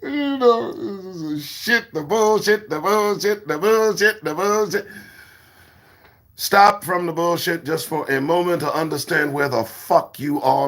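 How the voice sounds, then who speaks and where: A man hosting his own morning show, talking in a profane, preachy monologue that swings between shouts and whispers. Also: fairly high pitch. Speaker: show host.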